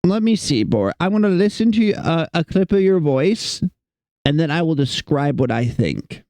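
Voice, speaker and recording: A man's voice: on the high side, sing-song, moderate pace, warm tone, clear, resonant tone, no echo. A young man streaming while he draws, chatting with viewers in a rambling, self-mocking, jokey way. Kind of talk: casual livestream chat while drawing.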